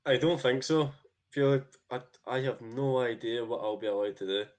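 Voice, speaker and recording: A man's voice: medium pitch, steady tone, brisk, darkish tone. A man from Scotland on a live darts stream, chatting in a self-deprecating way with hesitant restarts. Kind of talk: casual live stream chat.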